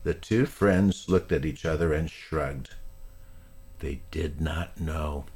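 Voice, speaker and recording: A man reading a children's storybook aloud, slow and lively, with voices for each character. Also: very deep voice, slightly rough. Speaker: narrator.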